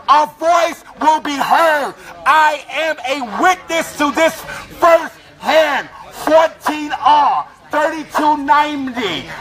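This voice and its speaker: A woman shouting a slow, emphatic protest speech at an outdoor rally, chanting between lines. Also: high-pitched, rough recording. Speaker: rally speaker. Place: outdoors at a rally outside a building. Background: crowd chanting.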